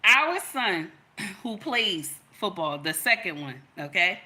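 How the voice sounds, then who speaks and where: A woman's voice: medium pitch, sing-song, slow, pushed and bright. A woman, giving an emphatic, storytelling opinion monologue in which she repeats her points. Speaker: content creator.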